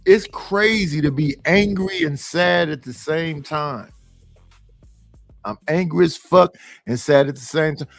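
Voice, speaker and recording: A man's voice: fairly high pitch, a little slow, gravelly, dry recording, soft background music. A man talking casually on a podcast panel, blunt, profane and emphatic. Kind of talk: casual chat.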